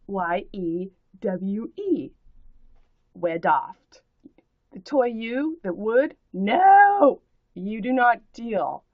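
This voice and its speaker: A woman rants at an online commenter in an unhurried, drawn-out delivery, spelling words letter by letter and tumbling into rhyming wordplay and swearing. Her voice sits at a middling pitch. The recording is dull and lo-fi, close and dry with no room sound. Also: no echo. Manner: spells out words and rhymes in playful wordplay, with profanity. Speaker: vlogger answering a commenter. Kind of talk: ranting monologue.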